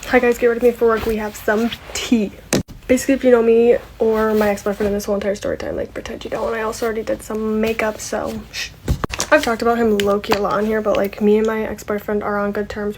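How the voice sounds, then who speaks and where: A woman's voice: mid-range voice, background noise. A woman chatting into her phone while getting ready, chatty and full of fillers. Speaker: vlogger. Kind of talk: get-ready-with-me chat.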